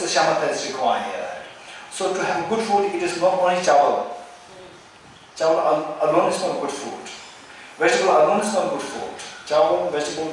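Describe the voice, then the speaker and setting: A man with a Tibetan accent giving a Buddhist Dharma teaching, repeating words and asking "right?" as he goes. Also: on the high side. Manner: repetitive, rhetorical questions with "right?". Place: retreat teaching hall. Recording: very echoey hall, distant mic, faint noise.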